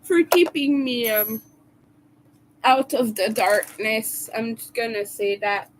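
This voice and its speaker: Woman livestreamer, casual chat with viewers, slow and rambling, higher voice, laughs a lot. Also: a little hiss or hum, low-quality recording. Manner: giggly, laughs often and hard; rambling, restarts and fillers. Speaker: crochet livestreamer.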